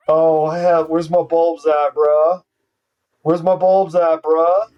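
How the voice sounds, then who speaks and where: A man's voice: on the high side, unhurried, darkish tone, recorded from a distance, muffled recording. A man streaming a card game live, ranting and swearing in profane trash talk at his opponent. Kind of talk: live gameplay commentary.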